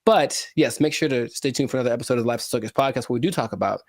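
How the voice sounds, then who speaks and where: A male podcast co-host who chats in a joking, rambling way and keeps slipping into animated asides. His voice sits at an ordinary pitch. It is recorded close and dry, with no room sound. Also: racing, no echo. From California. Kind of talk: casual podcast chat.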